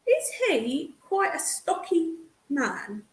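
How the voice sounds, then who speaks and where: A woman's voice: sits high, very animated, takes it slowly, reverberant. A woman giving a psychic reading as a medium, chatty and affectionate, calling the sitter darling.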